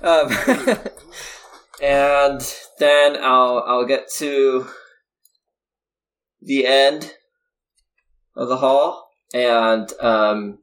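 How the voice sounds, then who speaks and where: Hesitant, slow-talking tabletop player. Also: mid-range voice, a bit bright. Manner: hesitant, many ums and pauses. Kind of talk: casual tabletop play.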